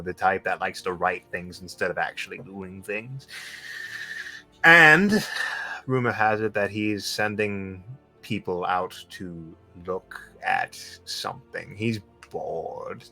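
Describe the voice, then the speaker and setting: A man's voice: fairly low pitch, pushed and bright. A man voicing a tough old woman who works as a cook and trades in gossip, passing on rumors in a confiding, gossipy way.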